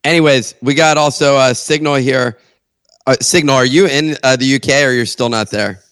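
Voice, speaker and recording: A man's voice: medium pitch, normal speed, a bit bright, smooth, no room sound. A man hosting a podcast in a casual, joking and teasing way. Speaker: host.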